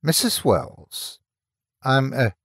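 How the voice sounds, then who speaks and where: A man voicing a polite young woman who speaks up slowly and clearly to be heard, in a horror story reading. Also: mid-range voice, big pitch swings, dry recording, studio quality. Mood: polite loud. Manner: polite, raising her voice to be heard. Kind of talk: storytelling narration.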